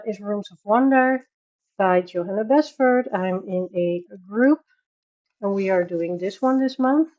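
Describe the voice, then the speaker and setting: Slow-talking Dutch woman on a lo-fi livestream. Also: medium pitch, a little mellow. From Netherlands. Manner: chatty, laughs often, greets viewers by name. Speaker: coloring livestream host. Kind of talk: casual livestream chat. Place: home bedroom.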